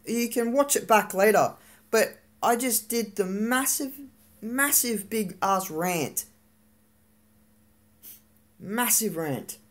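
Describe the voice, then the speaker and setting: Slow, halting, fed-up vlogger ranting. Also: medium pitch. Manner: frustrated, swearing, halting with many fillers. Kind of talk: live-streamed vlog rant.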